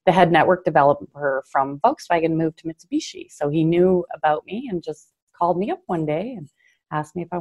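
Low-voiced Canadian woman, earnest storyteller. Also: darkish tone. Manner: earnest, gets choked up, many fillers. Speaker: guest, car dealership owner. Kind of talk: interview storytelling.

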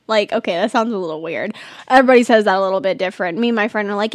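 A woman's voice: mid-range voice, very fast, no room sound, studio quality. A teenage girl from California hosting a casual solo chat show, bubbly and rambling with lots of giggles and "like". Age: teens. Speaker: host.

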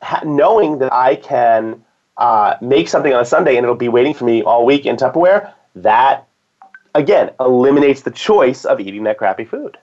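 A man's voice: medium pitch, animated, normal speed, darkish tone. A man talking casually as a guest, rambling with restarts and fillers. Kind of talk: casual conversation. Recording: dull lo-fi sound.

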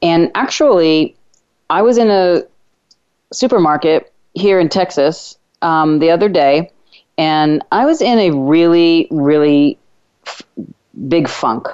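A woman hosting a talk radio show, telling a personal story in an earnest, reflective way with halting restarts. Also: low voice, lively intonation, darkish tone, clean tone. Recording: slightly dull lo-fi radio audio.

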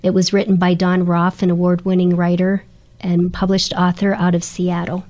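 A middle-aged woman tells her stories as an interview guest, earnest and animated. Her voice sits a little low. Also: normal speed. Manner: earnest and animated, laughs while telling stories. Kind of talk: storytelling interview chat.

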